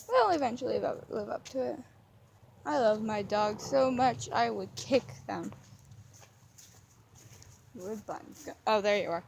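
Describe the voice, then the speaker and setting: A woman's voice: on the high side, animated, unhurried, creaky, pauses often, darkish tone, a little hiss or hum. A young woman rambling in a goofy, mock-dramatic way while filming her dog outdoors. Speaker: vlogger. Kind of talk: casual rambling vlog commentary.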